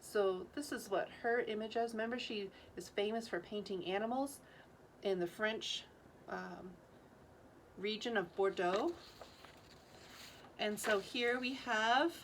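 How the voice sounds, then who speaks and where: A woman's voice: mid-range voice, slow, long pauses, slight background noise. Teacherly woman leading school announcements. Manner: teacherly, asks students questions.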